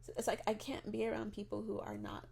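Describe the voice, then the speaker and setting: A woman's voice: mid-range voice, steady tone, quick pace, gravelly, darkish tone. A woman hosting a podcast, chatting casually and candidly with a friend and acting out quoted voices in a playful way. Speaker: podcast host. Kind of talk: casual chat.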